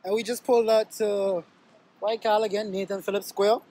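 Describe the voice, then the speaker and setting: A man's voice: sits high, level tone, moderate pace, mellow. A man co-hosting a vlog, narrating outdoors in a laid-back, joking way. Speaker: vlog co-host. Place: city square outdoors.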